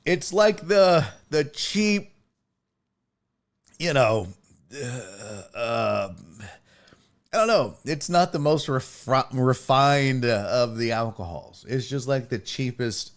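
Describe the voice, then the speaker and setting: A man hosting a sports stream in casual chat, reading viewers' messages. He talks unhurriedly, but his pitch leaps around in excitable bursts, with swearing and filler words throughout. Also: slow. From Houston, Texas. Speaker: sports show host.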